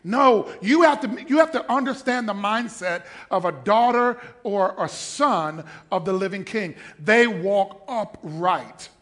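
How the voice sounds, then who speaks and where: A male pastor delivering a sermon in a church, moving between quiet, conversational asides and shouted declarations, and calling on the congregation to respond. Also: sits high, expressive, unhurried, hardly any pauses.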